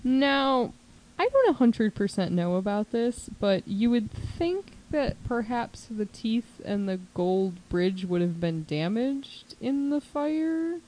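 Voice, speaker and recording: A woman casually telling a true crime story as a podcast host, chatty and animated, with lots of "like" and quick put-on voices for quotes. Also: fairly high pitch, poor audio.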